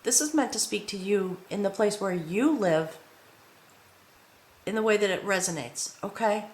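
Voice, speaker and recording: A woman's voice: mid-range voice, moderate pace, darkish tone. A woman giving a spiritual tarot reading to camera in an earnest manner, often checking in with the viewer. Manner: earnest, addresses the viewer with frequent "okay?". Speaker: tarot reader. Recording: roomy echo.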